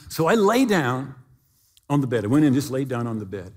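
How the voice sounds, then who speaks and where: Animated, husky-voiced pastor in a reverberant hall. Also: male voice, medium pitch, fairly quick. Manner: animated storyteller with sound effects and acted quotes. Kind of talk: sermon storytelling.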